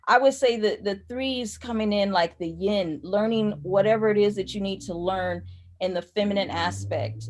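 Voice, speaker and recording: A woman teaching spiritual ideas in conversation, rambling and repeating phrases as she loses her thread. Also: medium pitch.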